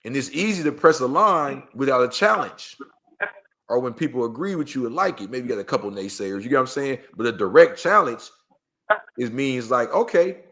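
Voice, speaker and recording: A man's voice: mid-range voice, expressive, fairly quick, bright, forceful tone. A man from Los Angeles telling a story in casual conversation, acting out the voices of the people in it, full of slang and asides. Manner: acts out quoted voices, slang-heavy, rhetorical asides. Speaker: guest storyteller. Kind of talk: animated storytelling in casual chat.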